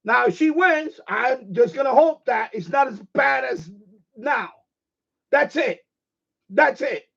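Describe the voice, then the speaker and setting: A man's voice: very high-pitched, expressive, takes it slowly, creaky, bright, forceful tone, husky. A man hosting a ham radio live stream, ranting in a casual, profane, emphatic way and repeating his points. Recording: dull lo-fi stream audio.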